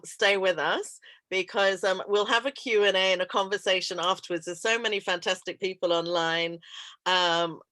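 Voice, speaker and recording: A woman's voice: mid-range voice, fairly bright tone, no echo. A woman with an English accent hosting an online event over a video call, chatty, laughing often and full of fillers. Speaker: host. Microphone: computer mic on video call.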